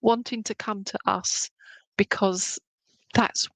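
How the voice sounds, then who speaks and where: A woman's voice: mid-range voice, steady tone, slow, a bit bright, no room sound, low-quality recording. A woman relaying a cheeky spirit woman. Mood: insistent. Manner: blunt, insistent, repeating herself. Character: cheeky departed woman, blunt and joking.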